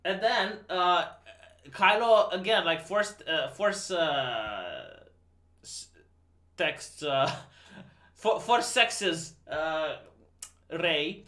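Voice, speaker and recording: Drawing out his words and leaving long pauses, a livestreamer from Romania delivers a casual, animated movie rant full of incredulity and swearing. His voice is bright and moves widely in pitch, echoing around the room.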